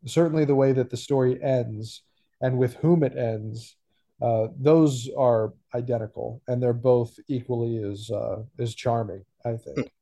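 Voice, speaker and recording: A man's voice: mid-range voice, steady tone, measured pace, creaky, mellow. A man co-hosting a casual discussion podcast, talking thoughtfully and hesitantly with many fillers. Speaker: podcast co-host.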